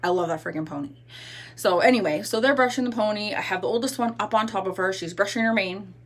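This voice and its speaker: A woman in her thirties hosting a casual livestream from home, telling a story in a candid, self-deprecating way, her voice still recovering and a little hoarse. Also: mid-range voice, fast talker, fairly bright tone. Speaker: livestream host. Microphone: phone or webcam livestream.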